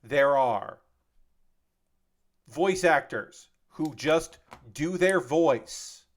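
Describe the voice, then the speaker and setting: Streamer, man, slightly high voice; loose rambling chat with casual swearing while he builds. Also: lively intonation, drawn-out words. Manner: rambling, profane, reads chat aloud.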